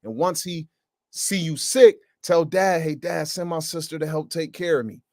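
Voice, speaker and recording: A man's voice: fairly high pitch, steady tone, moderate pace, a little mellow, dry recording, clean studio sound, close to an everyday voice. A man voicing a sneaky young male friend, talking in a streetwise, coaxing way. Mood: scheming.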